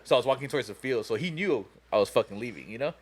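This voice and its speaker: Fast-talking young man telling a rambling story. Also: mid-range voice, expressive, slight background noise. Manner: rambling, profane, heavy on "you know" and "like". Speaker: podcast host telling a story. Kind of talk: casual storytelling chat.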